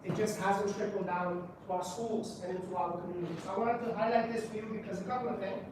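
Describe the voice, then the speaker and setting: A man's voice: high voice, fairly even intonation, fast talker. A man giving a conference presentation to a live audience, drawing listeners in with questions and repeated "right?" checks. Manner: engaging, quizzes the audience with rhetorical questions. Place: public library meeting room. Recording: echoey room, voice from a distance, background noise.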